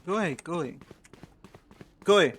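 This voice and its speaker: A male streamer talks over his live match, ranting about his teammates and swearing constantly. His pitch swings widely, from a low grumble up to outraged outbursts. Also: expressive, a little fast, slight background noise. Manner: angry ranting, heavy swearing; complains loudly about teammates. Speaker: streamer playing a competitive shooter. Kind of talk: live gameplay commentary.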